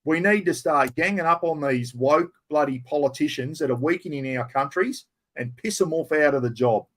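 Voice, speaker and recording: A man's voice: a little high, moderate pace, a bit bright. An older Australian man answering viewers' chat questions on a live stream, blunt and blokey, swearing casually and calling everyone mate.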